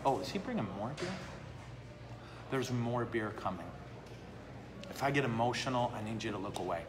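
A priest with an animated, medium-pitched voice and a moderate pace hosts a live Q&A at a brewery. Casual and self-deprecating, he often asks the room "okay?" or "right?". There's long reverb and faint ambient noise.

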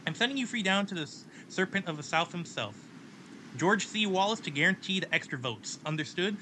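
A man voicing a stern, worried male president giving brisk orders in a game story. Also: sits high, animated, bright, forceful tone, a little hiss or hum.

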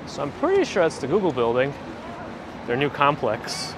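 A man's voice: a little high, wildly swooping pitch, normal speed. A man hosting a walking livestream on city streets, chatting casually and reading viewer comments aloud in a perky way. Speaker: livestream host. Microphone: handheld phone gimbal mic. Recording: noisy outdoor street audio. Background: street traffic.

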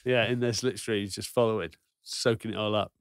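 A man with a low voice chats easily on a podcast. He tosses in brief, offhand remarks. The recording is close and dry. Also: steady tone, fairly quick, dry recording. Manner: easygoing, chipping in short remarks. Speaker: podcast co-host. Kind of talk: casual chat.

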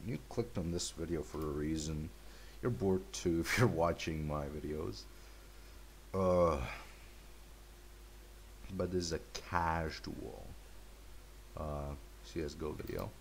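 A man's voice: rumbling low, takes it slowly, creaky, long pauses, slight background noise. A man giving casual gameplay commentary, laid-back and mumbly, trash-talking and swearing at the game.

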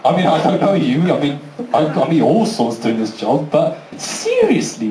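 Brash sweary stand-up comedian, lively high voice. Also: male voice, unhurried, a loud crowd. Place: comedy venue with live audience. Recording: roomy venue, faint background noise.

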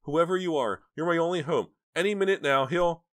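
A man's voice: a little high, brisk, a bit bright, voice pushed up, natural voice. A man voicing a terrified young woman begging for help over the phone. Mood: desperate pleading. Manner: desperate, begging.

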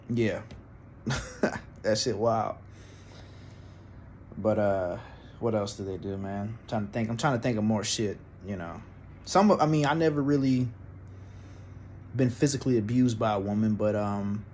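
A man's voice: mid-range voice, darkish tone, a little hiss or hum. A young man telling a personal story in a casual, profane, rambling way, full of restarts and fillers.

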